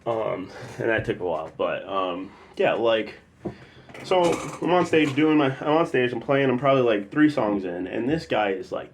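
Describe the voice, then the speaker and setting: A young man from the Chicago area tells a personal story in a loose, rambling way with lots of fillers, now and then bursting into loud acted quotes. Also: medium pitch, animated, moderate pace, a little hiss or hum. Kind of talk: casual spoken storytelling.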